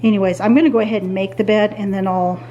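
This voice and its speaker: A woman's voice: medium pitch, steady tone, fast talker, mellow, dull audio, slight background noise. A middle-aged woman vlogging casually from her bedroom at home as she tidies. She thinks aloud and talks to her viewers as she weighs her choices. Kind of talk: casual vlog chat while tidying.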